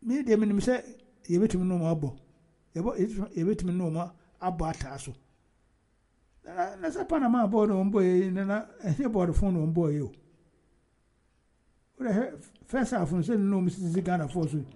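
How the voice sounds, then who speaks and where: A man hosting a casual football chat, animated and laughing often, talking over his co-host. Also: high-pitched, fast talker, vocal fry.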